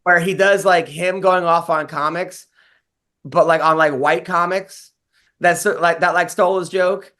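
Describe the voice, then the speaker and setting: Male comedian host, a touch high, loose rambling storyteller, profane and casual. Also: fairly even intonation, measured pace, sharp tone. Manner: rambling storyteller, lots of "like" fillers, swears often. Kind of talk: casual podcast chat.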